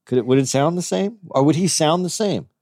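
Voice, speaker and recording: A man's voice: a little high, fairly quick, darkish tone, no room sound, clean studio sound. A man co-hosting a podcast, talking in an earnest, hesitant way with frequent restarts. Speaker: podcast co-host. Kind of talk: casual podcast chat.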